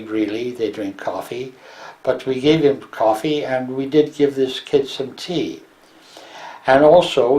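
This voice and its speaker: An older man from Wales, a war veteran, recalling his memories in an interview, halting with many fillers and restarts. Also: mid-range voice, a little mellow, low-quality recording. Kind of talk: oral history interview.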